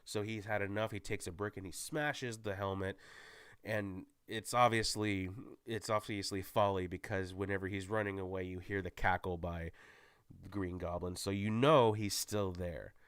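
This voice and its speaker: A man's voice: deep voice, steady tone, normal speed, a bit bright, clear, resonant tone, dry recording, studio quality. A man giving a casual, rambling movie spoiler recap, often stopping to correct himself. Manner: rambling, self-correcting, many restarts. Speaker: movie reviewer.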